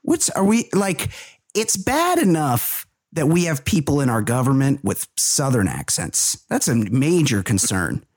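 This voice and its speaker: A man's voice: mid-range voice, unhurried, slightly rough, dry recording, clean studio sound. A man co-hosting a casual comedy podcast, rambling and profane as he riffs. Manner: rambling, profane, animated riffing. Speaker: podcast co-host.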